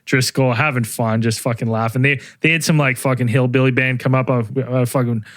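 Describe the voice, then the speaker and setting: A man's voice: medium pitch, steady tone, fairly quick, fairly bright tone, no room sound, studio quality. A man co-hosting a podcast, telling a drinking story in loose, rambling casual chat with lots of swearing and restarts. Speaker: podcast co-host.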